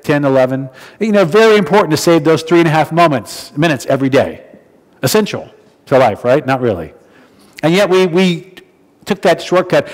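Guy from new jersey giving a sermon, kinda high voice, chatty with lots of restarts, long church echo. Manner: conversational storytelling with frequent restarts. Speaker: preacher. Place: church hall.

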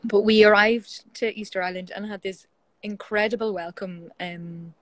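An Irish woman, a guest in a casual interview, telling stories in a lively, chatty way over a video call. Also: medium pitch, normal speed, no echo, rough recording. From Ireland.

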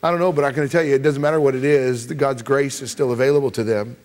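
A man preaching a sermon as pastor, emphatic and repetitive, swinging from loud rises to soft drops. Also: medium pitch, fairly even intonation, quick pace. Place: church sanctuary.

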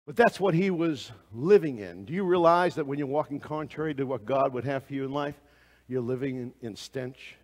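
A man preaching a sermon to a congregation, asking them direct questions and swinging between loud exclamations and hushed asides. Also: mid-range voice, moderate pace, big-room sound.

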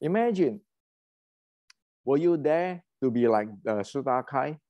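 A man's voice: mid-range voice, lively intonation, unhurried, warm tone, no room sound, dull audio. Heated man. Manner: heated, ranting, many restarts and fillers. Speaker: martial arts channel host. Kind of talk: casual lecture.

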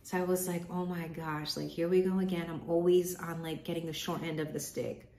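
A young woman recounts a personal story in a relaxed vlog, chatty and lively, slipping into little voices for the quotes. Her voice sits a little low, and the room around her adds a noticeable echo. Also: a little fast. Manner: chatty, animated retelling with quoted inner voices. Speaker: vlogger, medical student.

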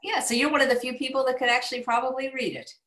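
A woman's voice: high voice, steady tone, rapid-fire, fairly bright tone. Woman, live stream host, enthusiastic, curious questions, casual chat, echoey room. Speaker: host of a live cooking show. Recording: roomy echo.

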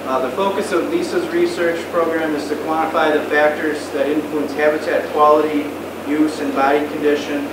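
A man's voice: a little high, level tone, normal speed, hardly any pauses. A man hosting a university colloquium, introducing the speakers with many fillers and restarts. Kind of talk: lecture hall introduction. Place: lecture room. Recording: echoey hall from far off, loud air conditioning hum.

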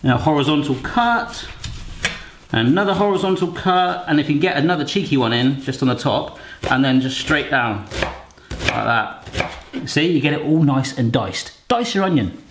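Brief: male home-cook vlogger, thirties, fairly high, animated, joking and rambling. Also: normal speed, a little hiss or hum. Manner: chatty and jokey, rambling asides. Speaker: cooking vlogger. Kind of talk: casual cooking vlog. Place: home kitchen.

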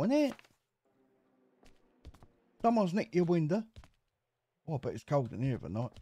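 This recording has no echo and features a man whose voice sits on the high side with a dark tone. Playing a survival game, he delivers casual let's-play commentary as a gameplay commentator, staying chatty, cheeky, and quick to joke with in-game characters.

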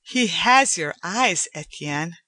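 A woman reading aloud, voicing an eager young woman who gushes with excitement. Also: lowish voice, takes it slowly, a little hiss or hum, exaggerated voice. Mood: excited. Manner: bright, excited, breathless questions.

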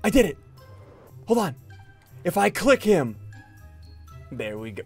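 A man with a high, bouncy voice gives play-by-play commentary on his own game, swinging between quick chatter and frantic yelps. His pitch leaps all over the place as he reacts, and faint music plays behind him. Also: breathy edge, no echo. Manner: excitable, narrates his own moves, yelps and shouts when panicking. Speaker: gaming video host. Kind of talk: Minecraft let's-play commentary.

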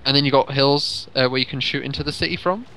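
A man co-commentating on gameplay with excitable, joking banter. His voice is bright and forward. He trades quips freely. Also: medium pitch, fast talker, gravelly, a little hiss or hum. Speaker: co-host.

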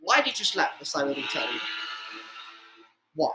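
A man giving profane, exasperated reaction commentary, swearing often and jumping in pitch. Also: huge pitch swings, normal speed, pauses often, bright, forceful tone, a little hiss or hum, poor audio. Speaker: reaction video host.

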